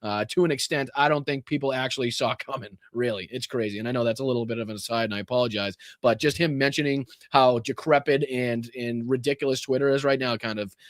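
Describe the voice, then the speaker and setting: A man with a Boston accent hosting a political podcast, giving blunt, profane commentary with animated reactions. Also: mid-range voice, fast talker, few pauses, no echo, studio quality. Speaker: podcast host.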